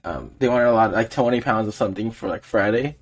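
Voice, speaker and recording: A man's voice: on the low side, fast talker. A young man chatting on a podcast, telling a work story with lots of fillers and frequent laughs. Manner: rambling storyteller, laughs often, many fillers. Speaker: podcast co-host. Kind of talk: casual podcast chat.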